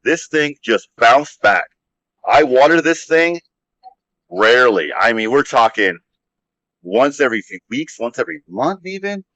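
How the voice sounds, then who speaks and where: A man's voice: mid-range voice, sing-song, measured pace, pushed and bright, no room sound. A man hosting a casual garden vlog, chatting in an easygoing, rambling way as he walks around an outdoor desert garden. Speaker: vlog host. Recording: dull lo-fi dry sound.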